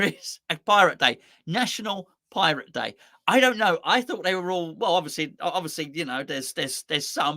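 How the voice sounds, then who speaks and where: A man's voice: a little high, bright, forceful tone, no echo, clean studio sound. A man with a sore throat, hosting a football fan channel in casual, rambling live chat that mocks itself with many restarts. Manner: rambling, jokey and self-mocking, with many restarts.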